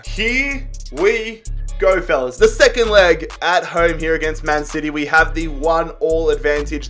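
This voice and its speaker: A young man giving casual gameplay commentary, excitable, swearing freely and calling his viewers lads. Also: on the high side. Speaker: gaming YouTuber.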